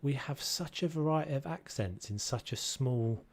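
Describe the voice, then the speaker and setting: A man's voice: mid-range voice, normal speed. A man chatting casually to his viewers as he plays, rambling from one thought to the next. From United Kingdom. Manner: rambling and chatty, talking to chat while he plays. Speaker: streamer. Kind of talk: casual gaming livestream commentary.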